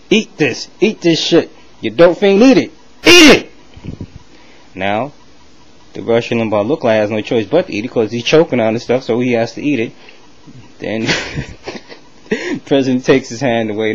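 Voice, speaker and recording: A man telling a comic story to the camera in a loose, rambling, animated way. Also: mid-range voice, highs cut off. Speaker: comedy vlogger.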